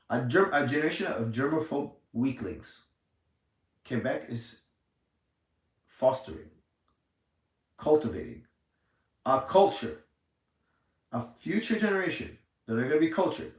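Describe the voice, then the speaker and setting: A man's voice: mid-range voice, sing-song, unhurried, long pauses, far from the mic. A man in his forties giving an indignant, emphatic livestream rant from a gym, repeating his points. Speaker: gym owner. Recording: echoey room, off mic.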